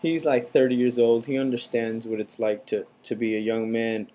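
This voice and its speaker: A young man in his twenties from the United States, casually telling a personal story to his vlog audience in a relaxed, rambling way, with many fillers. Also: medium pitch, normal speed. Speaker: vlogger.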